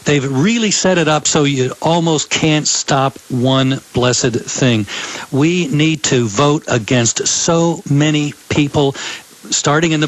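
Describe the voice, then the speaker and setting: An older man speaking as a guest on a radio interview, measured and hesitant with frequent fillers. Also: mid-range voice, low-quality recording. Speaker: guest, gun rights advocate.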